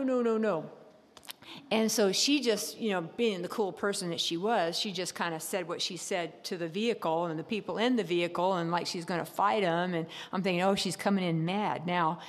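Woman telling a church story, reverberant hall. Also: medium pitch. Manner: animated storytelling with laughs and acted-out inner voices. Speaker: speaker at a church service. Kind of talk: sermon with personal story.

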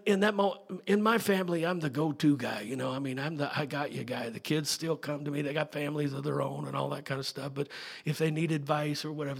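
Middle-aged male pastor, husky and a touch high, emphatic sermon delivery. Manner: emphatic preaching, swinging from soft to loud.

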